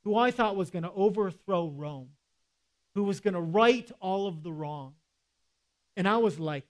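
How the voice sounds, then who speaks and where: A man's voice: high-pitched, expressive, measured pace, long pauses. A man preaching a sermon in a conversational way, with casual asides and quoted scripture. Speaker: pastor.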